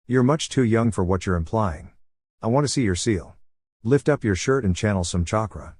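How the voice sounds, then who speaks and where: A man's voice: lowish voice, expressive, moderate pace, a little mellow, slightly rough, dry recording. A man voicing a lecherous, boastful older male sage who talks in an offhand way.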